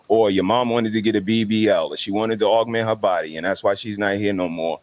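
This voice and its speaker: A man's voice: lowish voice, brisk, few pauses, darkish tone. A man, making emphatic, preachy points as a guest in a casual podcast discussion. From New York City.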